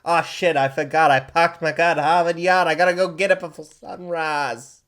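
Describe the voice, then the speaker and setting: A fussy Boston-accented vampire, as a podcast host puts him on, grumbling in a hurry about chowder-flavored blood and a parked car. The voice sits higher and pushes louder than the host's own talk, with a broad comic accent. It sounds slightly off the mic. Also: steady tone, normal speed, lightly acted. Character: New England vampire with a thick local accent, hurried and grumbling.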